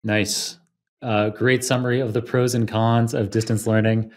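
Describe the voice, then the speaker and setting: A man hosting a podcast interview, appreciative and measured as he thanks his guest and asks questions. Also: fairly low pitch, little pitch movement, slight background noise. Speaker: podcast host.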